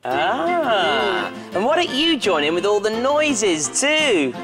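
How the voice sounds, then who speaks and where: A man's voice: sits high, big pitch swings, takes it slowly. A man presenting a children's TV show in a cheerful, inviting way. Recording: music playing behind.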